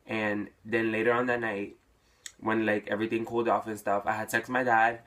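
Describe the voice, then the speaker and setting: A man's voice: lowish voice, flat delivery, moderate pace, a bit bright. Young man telling a personal story. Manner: casual, many fillers like "like".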